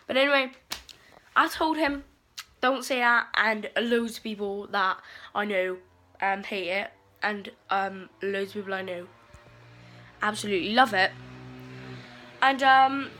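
A woman's voice: medium pitch, steady tone, a little slow, pauses often, bright, forceful tone. A teenage girl rambling through a sweary, exasperated vlog rant. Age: teens. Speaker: vlogger. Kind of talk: casual ranting vlog.

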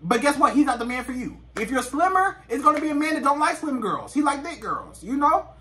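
Brief: male relationship vlogger, bright and high, emphatic and repetitive. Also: big pitch swings, brisk, a little hiss or hum. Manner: emphatic, repeats points. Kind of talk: casual advice monologue to camera.

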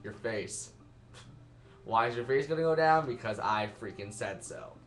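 A man's voice: medium pitch, animated, moderate pace, fairly bright tone. A young man giving rambling, self-mocking let's-play commentary and laughing at his own jokes. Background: game music.

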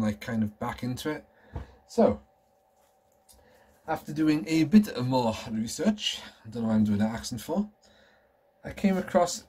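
Man, 30s, collector vlogger, excitable rambling chat, mid pitch, slight background noise. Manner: rambling, enthusiastic, nostalgic. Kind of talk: casual show-and-tell chat.

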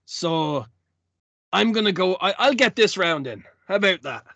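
A man's voice: high voice, animated, moderate pace, creaky, pushed and bright, no echo, full character voice. A man voicing a sociable, secretive male dwarf traveller who talks hesitantly and stumbles over his words. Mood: friendly.

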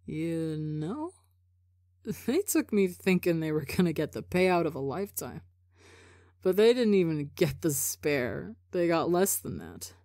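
A woman voicing a broken, despairing young man who murmurs low and flat with self-loathing. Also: unhurried, no echo, clean studio sound. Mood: hollow despair. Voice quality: low, hollow and quiet.

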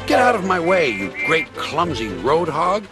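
A man's voice: sits high, huge pitch swings, measured pace, vocal fry, over loud music, pitched above the performer's own voice, exaggerated voice. Man voicing a cross, boastful engine. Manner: rude, indignant shouting. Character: proud, boastful male narrow-gauge engine.

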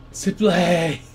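Excitable Scottish gamer man. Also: high voice, slight background noise. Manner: excitable, swears a lot. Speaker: let's play co-host. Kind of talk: casual gaming commentary.

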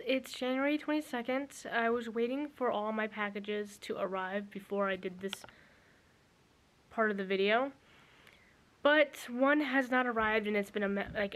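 A young woman in her twenties, out of breath, chatting casually to her camera at home, rambling with many restarts. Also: medium pitch. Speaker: vlogger. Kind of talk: casual vlog chat. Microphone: handheld camera mic.

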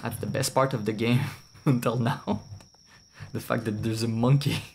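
A man's voice: medium pitch, steady tone, moderate pace, creaky, a little mellow, a little hiss or hum. A young man streaming a horror game with casual, jokey, rambling commentary, swearing and laughing often.

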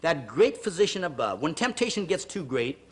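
At a moderate pace and in a slightly high, sing-song voice, a man hosts a TV exercise class. He counts reps, rallies viewers, and offers earnest, preachy heart-to-heart asides.

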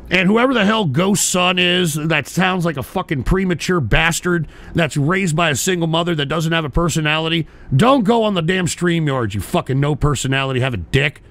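A man hosting a livestream, mocking and swearing loudly at his guests. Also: on the high side, moderate pace, hardly any pauses, no echo. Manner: mocking, loud, laughing, swearing. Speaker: livestream host. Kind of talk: profane livestream commentary.

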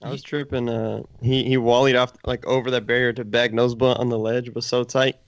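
A man's voice: medium pitch, fairly quick, no echo, highs cut off. A man co-hosting a podcast, talking eagerly in slang. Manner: eager, slangy, excited about tricks. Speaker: podcast co-host. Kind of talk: casual chat.

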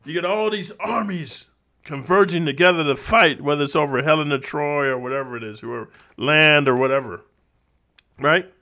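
A man's voice: on the high side, moderate pace, sharp tone. A man talking in a casual vlog monologue, streetwise and preachy, constantly calling the listener bro. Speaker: vlogger.

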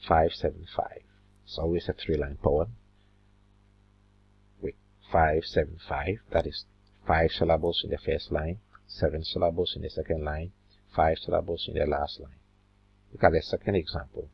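A man teaching a literature lesson, slow and deliberate, drawing out words as he counts syllables, with a husky voice. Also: very deep voice, no room sound. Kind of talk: recorded classroom lesson. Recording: dull lo-fi recording.

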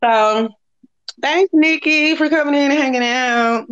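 A woman's voice: high voice, measured pace, a bit bright. Blunt, profane woman on a livestream. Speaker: livestream host. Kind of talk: heated casual livestream talk. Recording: lo-fi livestream audio.

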